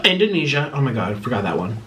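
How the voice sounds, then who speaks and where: A man's voice: mid-range voice, big pitch swings, racing, sharp tone, a little hiss or hum. A man vlogger eating on camera and rambling emotionally through fan questions in casual chat.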